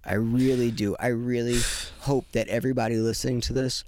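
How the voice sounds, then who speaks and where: A man's voice: medium pitch, level tone, fairly quick, darkish tone, dry recording. A male podcast host who talks in an enthusiastic, emphatic way and swears casually.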